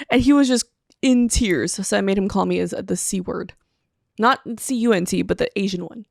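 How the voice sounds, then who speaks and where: Young woman co-host, higher voice with vocal fry, lively and profane storyteller, dry close sound. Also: normal speed, dry recording. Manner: animated storyteller, acts out dialogue, profane. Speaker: podcast co-host. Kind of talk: casual chat.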